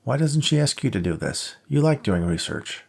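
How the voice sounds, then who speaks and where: A man's voice: medium pitch, big pitch swings, moderate pace, vocal fry, darkish tone, breathy edge, voice pushed up, full character voice. A man voicing an anxious young male student who grumbles and complains sarcastically. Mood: grumbling.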